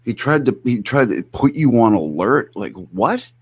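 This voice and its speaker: A man's voice: medium pitch, big pitch swings, unhurried, slightly rough. A man streaming live, reacting to clips with mocking, profane, incredulous commentary.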